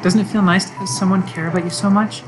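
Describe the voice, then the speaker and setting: A woman voicing an obsessive, intense young woman, reading game dialogue in a slow, intimate, creepy tone. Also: medium pitch, fairly even intonation, music in the background, natural voice, rough recording.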